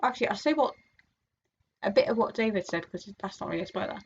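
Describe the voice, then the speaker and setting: A woman's voice: medium pitch, animated, quick pace, slightly rough, muffled recording. A woman chatting casually to camera as a fan vlogger, rambling with many fillers and restarts. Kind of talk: casual chat.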